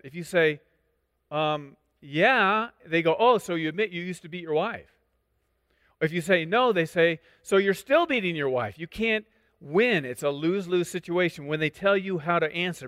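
A man with a somewhat high voice teaches a sermon in a conversational, explanatory way, throwing in asides and repeating himself as he restarts sentences. His voice carries a long reverb, as in a large hall, with little close room sound. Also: a bit bright. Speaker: pastor.

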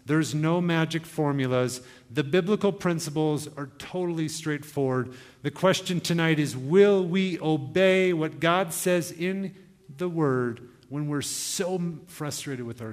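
A young man preaching to his congregation with earnest urgency, slipping into quoted asides as he exhorts. His voice sits a little high, and the church hall adds a long reverb. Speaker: pastor. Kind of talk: sermon.

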